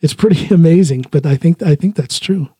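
A middle-aged man hosts a podcast from his home studio, chatting easily and chuckling between thoughts. His voice sits a little high but sounds dark and mellow, and the room adds almost no echo. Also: brisk, a little hiss or hum. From United States. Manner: relaxed, laughs often, frequent restarts. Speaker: podcast host. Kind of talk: casual conversation.

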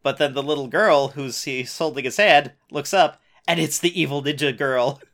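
A man's voice: fairly high pitch, moderate pace, fairly bright tone. A young man co-hosting a casual show recap, dropping lots of uh fillers and teasing his co-host. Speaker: podcast co-host.

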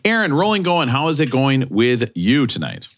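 A man's voice: medium pitch, sing-song, normal speed, a bit bright. A man hosting a casual podcast chat, telling rambling stories and laughing along. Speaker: podcast host.

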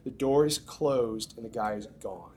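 A young man preaching, telling a funny story with big swings from hushed lines to shouted ones. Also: mid-range voice, a little slow, slightly rough. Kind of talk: storytelling sermon.

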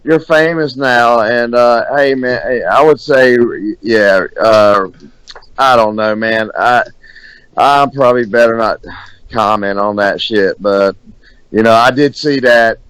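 A laid-back man hosts a podcast in casual, rambling chat, hedging as he goes. His voice is smooth and resonant, recorded close and dry with no room sound. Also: medium pitch, slow pace, fairly bright tone, no room sound, low-quality recording. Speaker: podcast host.

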